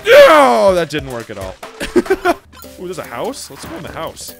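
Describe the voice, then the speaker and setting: A man doing comedic gameplay commentary as a gaming YouTuber, giggling and swinging from high shrieks to low mutters. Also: wildly swooping pitch, normal speed, gravelly, fairly bright tone, faint music behind.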